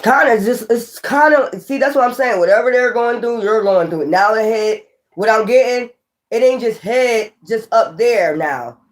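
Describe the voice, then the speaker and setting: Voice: mid-range voice, moderate pace. Tarot reader, casual rambling delivery, heavy profanity, emphatic repetition. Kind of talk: casual tarot reading to camera.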